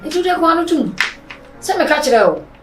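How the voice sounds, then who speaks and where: A woman's voice: sits high, big pitch swings, normal speed. An actress with a Ghanaian accent playing a stern woman who lectures and scolds, repeating herself for emphasis. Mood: lecturing. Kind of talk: Ghanaian film acting. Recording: echoey room from a distance, music behind.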